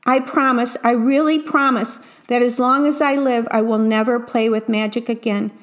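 A woman's voice: fairly high pitch, steady tone, moderate pace, close to an everyday voice. A woman voicing a clumsy young apprentice disguised as a girl, talking in an eager, pleading way. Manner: eager, pleading, then tearful.

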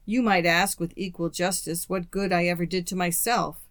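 Reader voicing a bitter young student gentleman, cool feigned indifference, dry close audiobook sound, even middle pitch. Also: moderate pace, no room sound, lightly acted. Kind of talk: audiobook character reading.

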